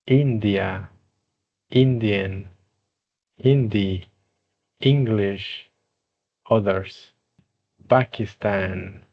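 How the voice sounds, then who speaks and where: A man with a Spanish-speaking accent teaching English pronunciation, saying each word slowly and distinctly. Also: fairly low pitch. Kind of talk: slow pronunciation drill, listing words. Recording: dull lo-fi sound.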